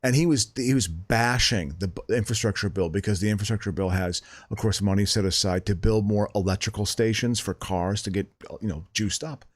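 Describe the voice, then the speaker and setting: A man co-hosting a podcast in casual chat, rambling and animated, swearing freely and restarting his sentences often. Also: on the low side, fairly quick, hardly any pauses. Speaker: podcast co-host.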